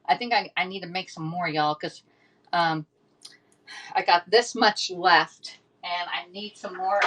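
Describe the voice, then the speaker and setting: A woman's voice: fairly low pitch, a bit bright. Woman livestream host, casual and chatty, rambling with fillers and y'all. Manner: chatty, says y'all often, many fillers and restarts. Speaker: livestream host selling kitchen products.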